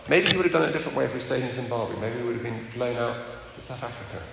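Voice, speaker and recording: A man's voice: mid-range voice, racing, gravelly, fairly bright tone. A man preaching a sermon, earnest and candid, often checking in with his listeners. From England. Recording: echoey hall with background noise.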